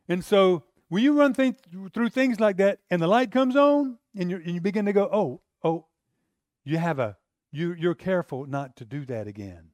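A man with a fairly high voice preaches a sermon in a plain, conversational way. He tells personal stories, acts out his old arguments in animated bursts, and often checks that the listeners are following him. The sound is dry and close. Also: moderate pace, no echo. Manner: animated storyteller acting out his own past arguments. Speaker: pastor.

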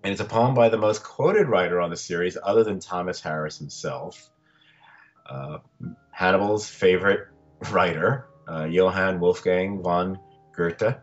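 A man's voice: sits low, measured pace, muffled recording, soft background music. A man hosting a podcast in a casual, rambling, laid-back way, often restarting his sentences. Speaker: podcast host.

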